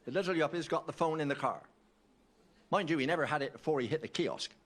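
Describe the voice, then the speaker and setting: A man's voice: on the high side, quick pace, very noisy. A man doing stand-up, telling a chatty anecdote. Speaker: stand-up comedian.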